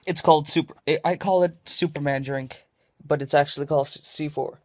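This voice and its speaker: A tired young adult rambling in a casual home vlog, jumping between loud outbursts and mumbled asides in a dim room, recorded on a camera mic. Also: medium pitch, steady tone, brisk. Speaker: gaming vlogger.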